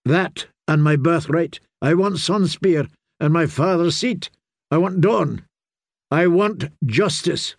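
A man's voice: on the high side, slow pace, creaky, no room sound, voice pushed up, exaggerated voice. A man voicing a proud, scheming princess. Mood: determined.

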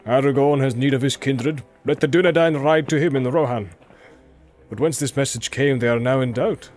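A man doing a gruff, musing dwarf. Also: medium pitch, a little fast, darkish tone, soft background music, natural voice. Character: male dwarf warrior, gruff and thoughtful.

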